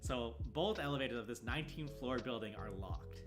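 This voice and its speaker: Animated male storyteller over music. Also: mid-range voice, fairly quick. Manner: animated, acts out the other people's lines in his story. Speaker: streamer telling a moving-day story. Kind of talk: casual storytelling chat. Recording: music playing clearly behind.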